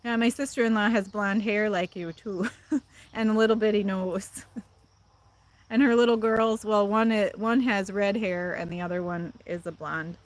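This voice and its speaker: A livestream host from the Midwest, speaking with a Midwestern accent, chats casually with viewers, answers their comments and laughs frequently. Her mid-range voice has fairly even intonation and a moderate pace, with no echo.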